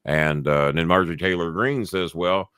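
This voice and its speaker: A man's voice: sits low, a little fast, a bit bright, clean tone, dry recording, clean studio sound. A man hosting a casual livestream show, telling rambling, profane stories. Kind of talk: casual chat and storytelling.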